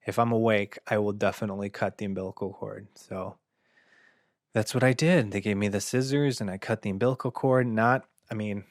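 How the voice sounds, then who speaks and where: A young man hosting a podcast, telling a comic story in a deadpan, self-mocking way. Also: on the low side, fairly quick, no echo, studio quality. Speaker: podcast host. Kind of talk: comedic storytelling monologue.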